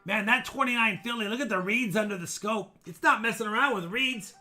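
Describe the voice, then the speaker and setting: A man hosting a live coin auction stream, chatty and excitable, joking as he shows coins. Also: high voice, fairly quick, faint music behind. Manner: chatty, excitable, jokes while showing coins. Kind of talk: casual live auction chat.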